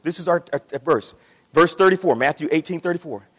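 A man's voice: a little high, a little fast, fairly bright tone, husky. A man preaching a sermon as pastor, passionate, repeating his phrases and acting out the voices in his story. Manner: impassioned, repeats phrases, acts out quoted voices. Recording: long reverb of a large hall.

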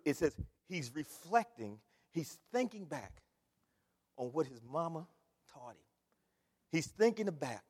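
An older man preaching an impassioned sermon, swinging from shouting to hushed tones. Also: fairly high pitch, long reverb tail.

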